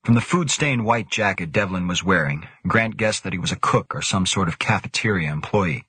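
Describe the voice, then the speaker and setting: A man with a very low, husky voice reads an audiobook steadily. The sound is close and dry, with no room around it. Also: expressive, fairly quick, pushed and bright, dry recording. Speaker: narrator. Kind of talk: audiobook narration.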